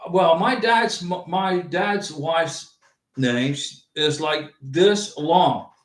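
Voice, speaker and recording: A man hosting a livestream, chatting casually and reading out viewer comments in an animated, rambling way with many restarts. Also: fairly high pitch, drawn-out words, distant mic. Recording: roomy echo, from off the mic.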